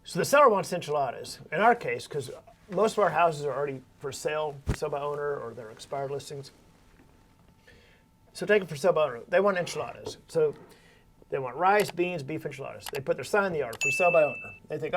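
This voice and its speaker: A man with a somewhat high voice talks through his real estate approach in a folksy, easygoing way. He explains things with homely analogies, and the conversation stays casual. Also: lively intonation, fairly quick, fairly bright tone, slight background noise.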